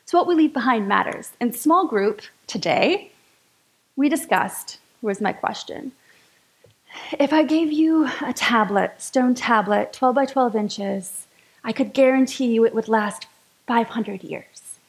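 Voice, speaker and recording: A woman speaks to her spiritual community in a chatty, enthusiastic sermon-style talk. Her voice sits a little high, with a gravelly texture. She takes her time with each phrase. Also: lively intonation, unhurried, rough recording.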